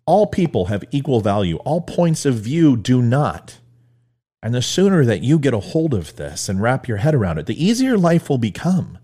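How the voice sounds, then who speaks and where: A man's voice: medium pitch, mellow. A man hosting a commentary show, delivering an emphatic, punchy opinion monologue. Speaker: host.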